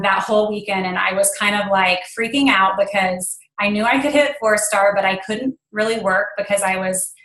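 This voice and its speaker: A woman's voice: mid-range voice, fairly bright tone, roomy sound, poor audio. A woman in her thirties, a guest speaker on a team call, telling a personal story in an earnest way with many fillers. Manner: earnest, emotional at times, filler-heavy.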